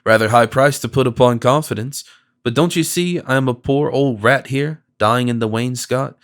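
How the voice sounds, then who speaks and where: A man voicing a feeble, suspicious old male miser with a squeaky, cracked voice, racked by a violent cough. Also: expressive, normal speed, close to an everyday voice. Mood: sarcastic.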